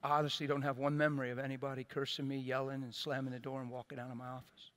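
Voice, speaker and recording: A middle-aged man preaching with earnest passion. His voice sits at an ordinary middle pitch. He swings from loud, urgent bursts down to soft, hushed asides. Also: little pitch movement, very fast. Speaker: pastor. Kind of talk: sermon.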